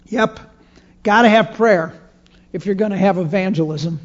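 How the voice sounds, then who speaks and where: A man preaches with earnest emphasis, circling back to press his points home. His voice sits unusually high for a man. The recording is dull and muffled. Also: normal speed, long pauses. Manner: earnest storytelling with emphatic repetitions. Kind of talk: sermon.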